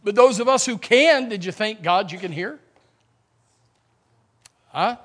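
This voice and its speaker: A middle-aged pastor preaches with a high, bright-pitched voice that leaps up and down. He is animated, acts out everyday complaining, and calls out to his congregation in church. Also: measured pace. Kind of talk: sermon. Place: church sanctuary.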